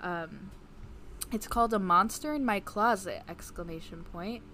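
A woman co-hosting a casual podcast chat, relaxed and quick to laugh, filling pauses with "um" and "you know". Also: mid-range voice, slight background noise. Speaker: podcast co-host.

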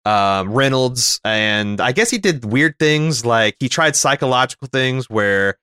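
A man's voice: mid-range voice, animated, measured pace, bright, forceful tone, clear, resonant tone, no room sound, clean studio sound. A man from North America co-hosting a casual movie chat, wry and rambling, full of fillers and restarts. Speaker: podcast co-host.

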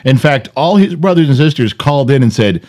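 A man's voice: mid-range voice, lively intonation, fairly quick, a little mellow. A middle-aged man co-hosting a podcast in casual chat, blunt and joking with a bit of profanity. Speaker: podcast co-host.

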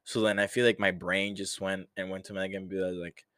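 A man's voice: sits low, level tone, a little fast, a bit bright, no echo, studio quality. A young man hosting a casual solo podcast, rambling through stories with lots of fillers and chuckling at himself. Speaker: podcast host.

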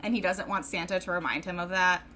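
A woman co-hosting a casual rewatch podcast, joking loudly and swearing freely. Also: on the low side, steady tone, fast talker, slight background noise. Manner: loud, joking, swears freely, puts on silly voices. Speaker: podcast co-host.

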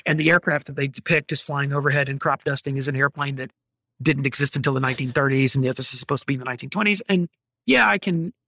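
Exasperated man, bright voice. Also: medium pitch, quick pace, vocal fry, no echo, clean studio sound. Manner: opinionated, exasperated, rambling critique. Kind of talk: casual critical chat.

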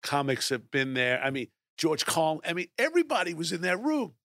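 Animated middle-aged man telling a story. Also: fairly high pitch, fairly quick, dry recording, clean studio sound. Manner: lively, acts out his own lines. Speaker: guest storyteller.

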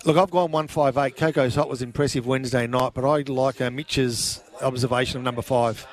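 Relaxed male racing analyst. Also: medium pitch, brisk. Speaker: greyhound racing guest analyst. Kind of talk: casual radio tipping chat.

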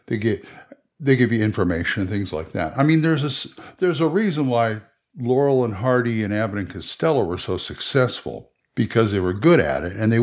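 A man hosting a podcast, giving casual advice on running tabletop games in a rambling way with many restarts. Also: mid-range voice. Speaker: game master podcaster.

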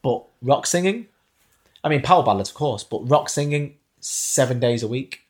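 A man, a singer, chatting as an interview guest, telling animated stories with frequent restarts. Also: mid-range voice, moderate pace. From Ireland. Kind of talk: casual interview chat.

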